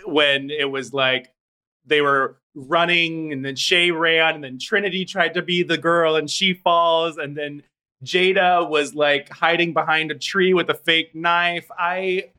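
Chatty male host, bright, slightly higher voice, video call. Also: unhurried, clear, resonant tone. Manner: animated, chatty, teasing. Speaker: podcast host. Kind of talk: casual chat.

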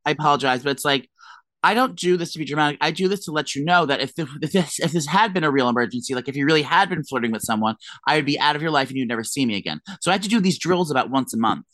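Fairly high and fairly bright, this man's voice has lively intonation, and the recording has no echo. He's co-hosting a podcast, casually chatting and delivering rapid, dramatic gossip.

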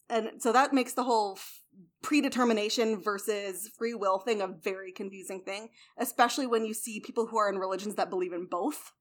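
A young adult woman hosting a casual explanatory talk, chatty, blunt and swearing now and then. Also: mid-range voice. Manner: chatty, swears, lively emphasis.

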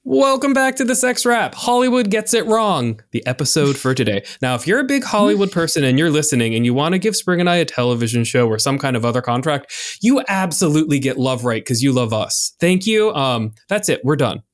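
A young man chats casually as a podcast co-host. He talks in a loose, jokey way full of fillers. His voice sits at an ordinary middle pitch. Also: sing-song, quick pace, few pauses. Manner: chatty, filler-heavy, jokey. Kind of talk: casual chat.

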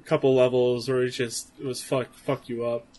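A man's voice: medium pitch, level tone, a little mellow. Casual man chiming in. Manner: brief reactions and quick chime-ins, swears casually. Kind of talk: casual chat.

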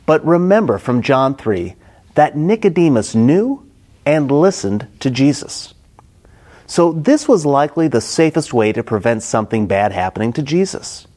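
Middle-aged guy preaching slow, voice rising and falling a lot, acts out the people in the story. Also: mid-range voice. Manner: expressive, acts out quoted characters. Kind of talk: sermon.

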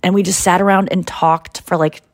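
This American podcast host has a lowish voice and talks a little fast. She chats casually, telling a story and acting out the people she quotes with animation. The audio is clean studio sound with no room sound.

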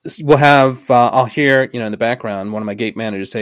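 A man's voice: mid-range voice, dry recording, studio quality. A man co-hosting an aviation podcast in casual chat, joking and laughing often. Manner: laughs often, jokey, quick asides. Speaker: podcast co-host, airline operations worker.

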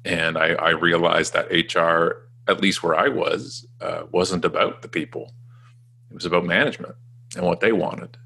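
A man's voice: low voice, moderate pace, gravelly, sharp tone, husky. A Canadian man in his forties, a guest telling his work history in a chatty, self-deprecating way and acting out quoted dialogue. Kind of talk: casual storytelling interview.

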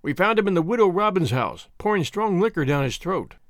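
A man's voice: high-pitched, very animated, a bit bright, no echo, clean studio sound, heavily acted. A man doing a hotheaded accusing soldier. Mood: angry. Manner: accusing, quick to anger. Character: hotheaded, suspicious young male soldier.

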